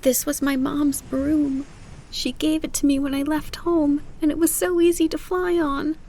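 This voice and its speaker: A woman voicing a spirited, proud teenage witch girl in an audiobook, with a lively, emphatic manner. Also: medium pitch, moderate pace, slight background noise, lightly acted. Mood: upset. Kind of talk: audiobook character voice.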